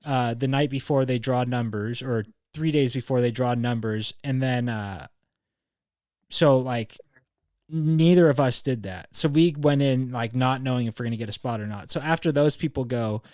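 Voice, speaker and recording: A man's voice: mid-range voice, normal speed, a little mellow, no echo, studio quality. A young man from California hosting a podcast, telling a long casual story full of swearing, "like" and acted-out quotes. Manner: rambling, profane, fond of "like" and quoting people mid-story. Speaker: podcast host.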